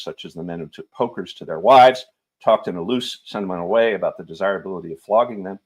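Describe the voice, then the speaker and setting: A middle-aged man reading a novel aloud on his show in an unhurried, lightly theatrical way. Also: deep voice, breathy edge.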